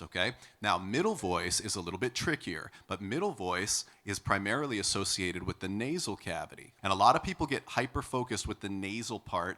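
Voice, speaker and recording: Upbeat male vocal coach with a bright voice. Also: lowish voice. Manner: upbeat, explanatory, often asks "okay?". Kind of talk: singing lesson with sung demonstrations.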